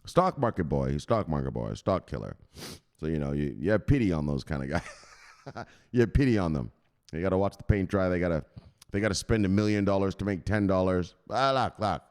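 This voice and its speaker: A man hosting a crypto news stream in a boisterous, profane casual chat and shouting out viewers. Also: low-pitched, animated, brisk, clear, resonant tone.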